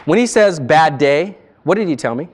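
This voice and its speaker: A man training salespeople in a live seminar, animated and quizzing his audience. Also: fairly high pitch, moderate pace, slight background noise.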